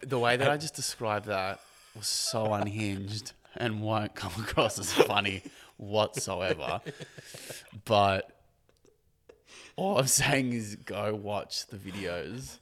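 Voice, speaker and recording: A man's voice: lowish voice, slow, a bit bright. Rambling, giggly male podcast guest. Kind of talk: casual podcast chat.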